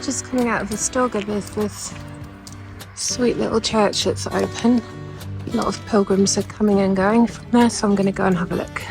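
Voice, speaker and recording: A young woman talking casually to her camera as she walks, chatty and candid, with quick asides. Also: medium pitch, steady tone, music in the background, poor audio. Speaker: vlogger. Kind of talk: casual travel vlog narration.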